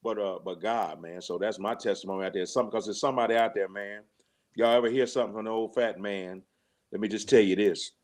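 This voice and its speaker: A man's voice: on the low side, fairly even intonation, a little fast. A middle-aged man, a guest musician and producer, talking in casual interview chat with an emotional, preachy way of testifying and a constant "you know what I mean.".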